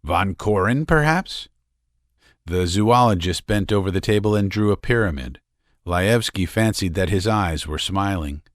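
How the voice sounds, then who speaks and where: Casting: male audiobook narrator, fairly low voice, dry close recording, measured delivery. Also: dry recording. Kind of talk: scripted literary narration.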